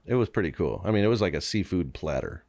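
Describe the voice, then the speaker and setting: A man, a podcast guest, telling crude anecdotes in a casual, animated way, swearing often and laughing as he goes. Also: low-pitched, fast talker, creaky. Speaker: podcast guest, band member. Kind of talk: casual storytelling.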